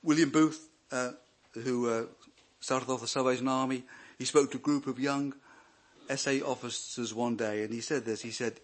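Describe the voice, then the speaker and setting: A man's voice: mid-range voice, normal speed. A middle-aged man preaching a sermon, joking and restarting his sentences often. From Wales. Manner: animated, joking, with many restarts.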